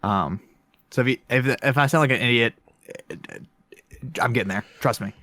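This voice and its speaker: A man's voice: medium pitch, normal speed, sharp tone, no room sound, studio quality. Rambling man reviewing a film. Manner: rambling, self-conscious, many fillers and restarts. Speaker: podcast co-host. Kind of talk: casual podcast film review.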